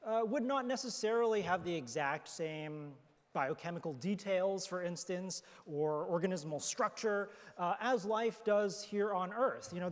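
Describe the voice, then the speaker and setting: Panelist, male, high-pitched, thoughtful explainer; recorded in a reverberant hall. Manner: thoughtful, explanatory, with fillers and restarts. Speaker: astrobiologist panelist. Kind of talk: panel discussion answers. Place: conference hall. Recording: hall reverb from a conference stage.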